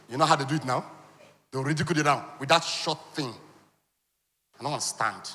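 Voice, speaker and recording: A man giving a lively motivational talk at a business conference, now and then acting out other people's voices. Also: fairly quick, a little hiss or hum. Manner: animated, acts out high voices for women. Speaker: conference speaker. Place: large conference hall. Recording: reverberant hall.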